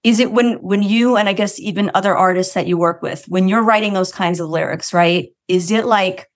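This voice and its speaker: A podcast interview host with a medium-pitched, fairly quick voice asks careful, thoughtful questions. She sounds hesitant, restarting often and saying "like" a lot.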